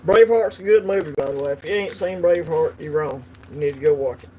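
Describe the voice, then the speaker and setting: A man's voice: a little high, quick pace, darkish tone, slight background noise. A man hosting a coin collecting channel, chatting casually and laughing easily while unboxing on a livestream.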